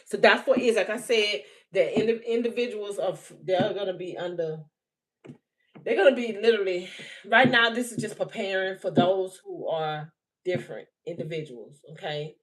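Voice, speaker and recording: A woman's voice: mid-range voice, normal speed, rough recording. Blunt, emphatic woman on a spiritual livestream. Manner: emphatic, repetitive, blunt and profane. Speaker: spiritual message reader.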